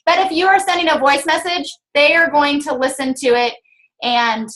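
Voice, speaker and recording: A woman's voice: high-pitched, steady tone, normal speed, a bit bright. A woman with a Southern US accent, co-hosting a casual chat and explaining things step by step in an upbeat, coaching way. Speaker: co-host.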